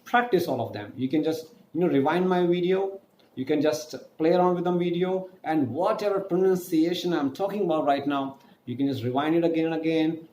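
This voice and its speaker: A man's voice: fairly high pitch, fairly quick, darkish tone, slight background noise. A man teaching an online French lesson, spelling words letter by letter and drawing out each pronunciation. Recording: echoey room with faint ambience.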